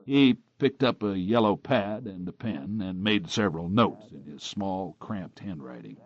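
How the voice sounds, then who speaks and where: A man narrating a crime novel in the first person with a steady, hard-boiled delivery. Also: deep voice, a little slow, few pauses. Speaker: audiobook narrator. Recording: dry, dull close-miked recording.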